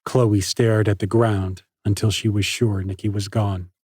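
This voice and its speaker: A man narrating an audiobook in a measured, even storytelling manner on a studio microphone. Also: on the low side, slightly rough, dry recording. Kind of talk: scripted narration.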